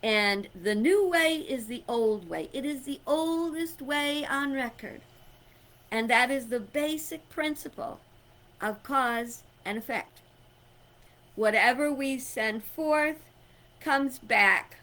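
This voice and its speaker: A woman's voice: on the high side, fairly bright tone. A middle-aged woman giving an inspirational talk, emphatic and conversational, telling personal stories and chuckling. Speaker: spiritual speaker.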